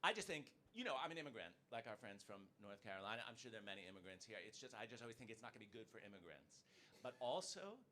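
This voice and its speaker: An American man in his fifties performing a stand-up comedy set, swinging between low asides and loud bursts. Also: sing-song, fast talker, a little hiss or hum. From United States. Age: 50s. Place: comedy club stage before a live audience.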